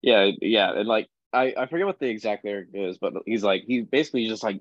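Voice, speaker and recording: A man's voice: on the low side, quick pace, no room sound. Laughing young man on a dull, dry mic. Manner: laughs often, enthusiastic. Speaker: podcast co-host. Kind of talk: casual album review chat.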